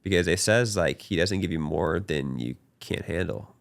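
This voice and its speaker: A man's voice: low voice, moderate pace, gravelly, no echo. A young man hosting a podcast, talking earnestly about faith in a casual chat. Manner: earnest, animated, talks with his hands in quoted voices. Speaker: podcast host.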